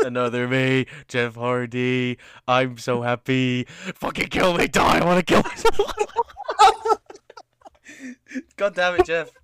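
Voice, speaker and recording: A man's voice: medium pitch, sing-song, a bit bright, smooth, no echo. A man co-hosting a podcast in casual chat, laughing often and joking crudely. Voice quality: laughs a lot, crude joking, slow drawl. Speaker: podcast co-host.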